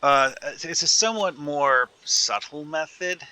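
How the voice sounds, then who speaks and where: A man talks casually over his own gameplay, thinking aloud as he goes. His voice is very bright and edgy, and his pitch jumps around a lot. He rambles and fills gaps with plenty of ums and restarts. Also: lively intonation, unhurried. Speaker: gaming video creator.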